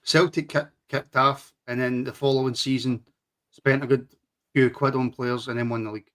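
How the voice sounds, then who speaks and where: A man co-hosting a podcast, talking in an eager, animated way. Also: mid-range voice, moderate pace. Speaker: podcast co-host. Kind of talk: casual chat.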